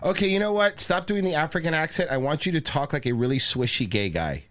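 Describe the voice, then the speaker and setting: Excitable, swearing podcast host. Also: male voice, on the high side, fast talker. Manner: combative, profane, excitable. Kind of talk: casual chat.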